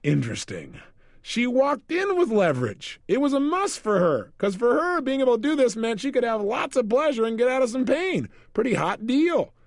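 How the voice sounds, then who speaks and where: A man's voice: extremely high pitch, very animated, moderate pace, no room sound, clean studio sound. A man coaching listeners in a recorded motivational lecture, telling a story with lots of energy and laughing often. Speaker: self-help coach.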